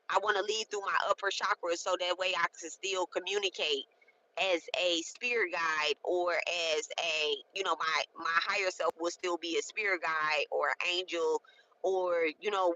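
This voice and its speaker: A woman's voice: fairly low pitch, fairly even intonation, normal speed, sharp tone, rough recording. Chatty, emphatic woman in her thirties. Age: 30s. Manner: chatty and emphatic, often checks in with "okay?". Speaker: spiritual content creator. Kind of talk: casual spoken ritual walkthrough.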